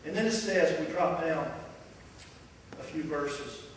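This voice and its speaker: A male pastor preaching a sermon, telling the story with lively animation. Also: a little high, slow, a little hiss or hum. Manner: animated, storytelling, acts out voices. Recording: echoey hall from far off.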